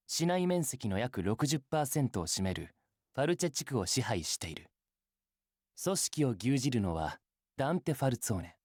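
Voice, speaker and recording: A man's voice: mid-range voice, darkish tone, no room sound, studio quality, close to an everyday voice. A man narrating as a grave official reading a crime report. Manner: solemn, measured. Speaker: game narrator. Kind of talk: scripted dramatic narration.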